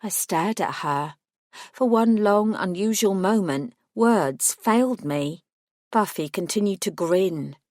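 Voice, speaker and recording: A woman reading a first-person paranormal audiobook with wry, measured narration. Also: mid-range voice, expressive, darkish tone, dry recording, studio quality.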